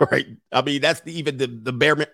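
A man's voice: mid-range voice, steady tone, brisk, vocal fry, a bit bright, dry recording, clean studio sound. A man giving blunt, opinionated commentary, lecturing his listeners and repeating phrases for emphasis. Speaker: commentator host.

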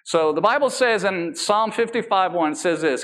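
Animated, high-voiced man preaching a sermon. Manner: animated, emphatic preaching with drawn-out, slow emphasis; casual asides and self-deprecating humor. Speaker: pastor.

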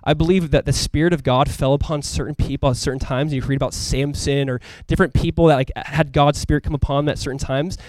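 A man preaching a sermon as a pastor in a casual, conversational and animated way, full of asides to the congregation. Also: a little high, quick pace, hardly any pauses, no echo. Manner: animated, emphatic delivery.

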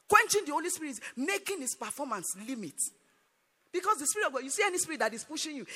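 High, lively preacher man. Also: very fast. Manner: emphatic, sing-song preaching cadence. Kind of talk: sermon. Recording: echoey hall reverb.

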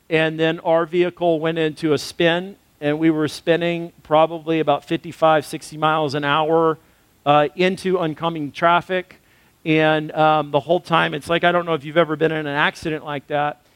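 High-voiced pastor telling a story. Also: male voice, clear, resonant tone, no echo. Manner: storytelling, earnest and conversational. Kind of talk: sermon with personal story.

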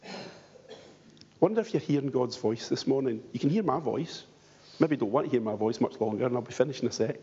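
Speaking fast and expressively, this pastor has a dark, slightly rough mid-range voice. His sermon is earnest and pleading, full of rhetorical questions for the congregation, captured in a dull lo-fi church hall recording with lingering reverb.

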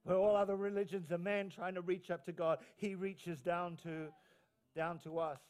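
Emphatic New Zealand pastor, high voice. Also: male voice, little pitch movement, moderate pace, a little mellow. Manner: emotional, emphatic, repeats phrases. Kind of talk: sermon.

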